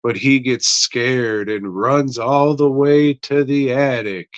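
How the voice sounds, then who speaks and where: Male podcast host, unhurried, crude offhand review voice. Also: medium pitch, no room sound, lo-fi sound. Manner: rambling, profane, offhand. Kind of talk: casual spoken review.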